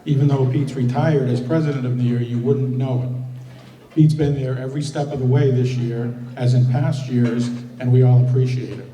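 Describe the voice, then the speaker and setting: A man with a very dark, mellow voice reads his welcome remarks at an awards banquet in a steady, prepared way. He is heard from a distance, and the banquet hall around him echoes. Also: medium pitch, moderate pace. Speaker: hall of fame president and emcee. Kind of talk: formal ceremony speech.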